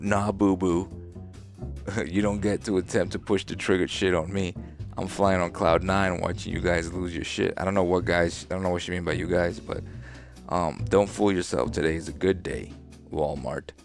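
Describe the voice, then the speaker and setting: Low gravelly man, casual podcast talk. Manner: laid-back storytelling, reading out tweets with amused laughs. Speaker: podcast host.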